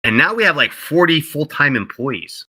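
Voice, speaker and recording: Bright-voiced, animated man telling stories. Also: moderate pace, breathy edge, poor audio. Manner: animated storyteller who acts out quotes in a higher voice; heavy use of "like" and "you know". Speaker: interview guest, game developer. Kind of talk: casual storytelling interview.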